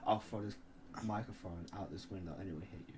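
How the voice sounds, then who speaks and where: A man's voice: low-pitched, fairly even intonation, quick pace, darkish tone. A man co-hosting a casual podcast, boisterous, swearing and laughing often. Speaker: podcast co-host.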